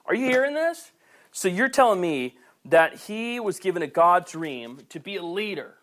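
A man preaching a sermon, passionate and building to near-shouting before softening, with playful asides to the camera. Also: high-pitched, very animated, normal speed. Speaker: pastor. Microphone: camera recording.

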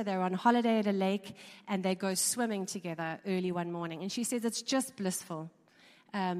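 A woman giving an informal talk to a live audience, conversational and chatty, with frequent ums and repeated words. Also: medium pitch. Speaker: speaker. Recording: long reverb of a large hall.

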